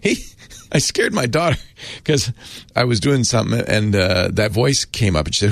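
A man with a very deep, gravelly voice talks through a casual explainer in a chatty, wry way. His pitch swings widely as he trails off and restarts. The sound is dry and close. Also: big pitch swings, moderate pace, no room sound. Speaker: host explaining a word of the day.

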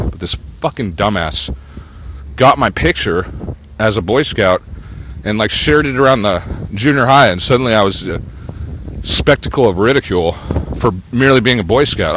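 A man's voice: fairly low pitch, very animated, normal speed, fairly bright tone, slight background noise. A man delivering a rambling, profanity-laden monologue that drifts from topic to topic in a ranting tone.

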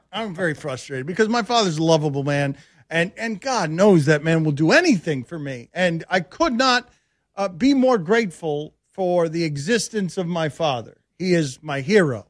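A sports radio host rants with plenty of sarcasm, talking animatedly into a studio microphone. His voice is fairly high, and the sound is close and dry. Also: animated, moderate pace, dry recording. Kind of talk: casual sports talk radio.

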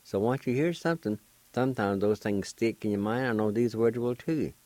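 An older man from Oklahoma with a low, dark voice, teaching words on the radio. He spells each one slowly and deliberately, letter by letter, then repeats it. The sound is close and dry. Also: no echo. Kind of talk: slow spelling and pronunciation lesson.

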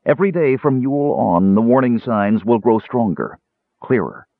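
A man voicing an intense, cold male mage who speaks in measured, brooding tones with sudden demanding edges, over a tinny phone-like line. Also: medium pitch, lively intonation, dry recording, voice pushed up.

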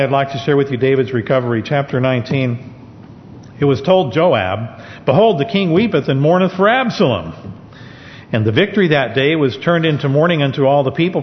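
Male preacher, conversational sermon delivery, scripture readings, dull lo-fi recording with long hall reverb and faint rumble. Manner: conversational, with restarts, reads scripture aloud. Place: church sanctuary.

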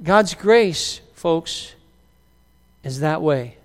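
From the pulpit, a middle-aged pastor with a high, smooth, resonant voice preaches extremely slowly, carrying the congregation along as an animated storyteller who acts out the people he quotes. His sermon rings with a long reverb, as in a large church hall.

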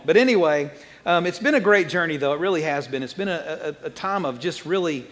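A man with a high voice delivers a sermon at a quick, chatty clip, slipping in jokes between points. His words ring out with a long reverb, as if in a large church hall. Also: expressive, fairly bright tone. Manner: fast-talking, jokey and conversational. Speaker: pastor.

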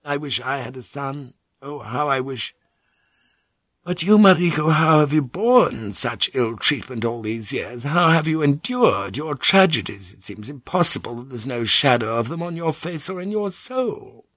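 A man voicing a courteous, gently effusive middle-aged noblewoman in an audiobook, speaking softly. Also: mid-range voice, lively intonation, unhurried, dry recording. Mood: earnest. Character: gracious middle-aged Japanese noblewoman, gossipy and sly. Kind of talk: audiobook character voice.

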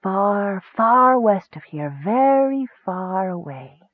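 Coaxing dream-voice whisper, slow and hushed, read by a man; narrow, dry recording. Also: high-pitched, lively intonation, breathy edge, dry recording, full character voice. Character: soft, whispering dream voice, seductive.

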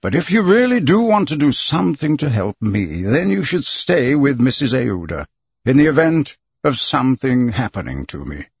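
A man playing a calm, resolute English gentleman who speaks in a measured, clipped way. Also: medium pitch, vocal fry, husky, dry recording, dull audio, heavily acted. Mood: cool.

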